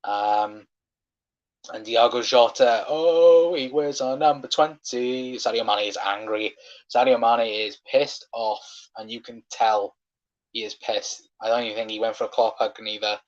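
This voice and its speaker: Excitable fan commentating live. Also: male voice, on the low side, measured pace, highs cut off. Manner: excitable, swears when frustrated, chatty fan commentary. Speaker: fan watchalong host. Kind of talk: live football watchalong commentary.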